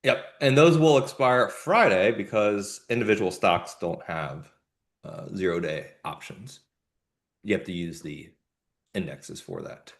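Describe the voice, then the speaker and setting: A man's voice: lowish voice, unhurried. A man hosting a live trading show, giving casual market commentary in jumpy bursts with slangy asides. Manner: animated, jumpy delivery with sudden emphatic bursts.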